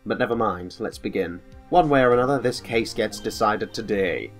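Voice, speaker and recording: A man's voice: fairly low pitch, normal speed, soft background music. A man giving sardonic, rambling let's-play commentary with frequent swearing. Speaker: game commentator.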